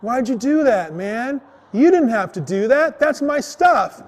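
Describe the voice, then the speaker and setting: A stubborn street bike thief, as a storyteller puts him on, speaks in a fairly high voice, indignant and quick to threaten a fight. Long hall reverb trails each line on a live stage. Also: male voice, very animated, full character voice. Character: defiant male bike thief, stubborn and touchy.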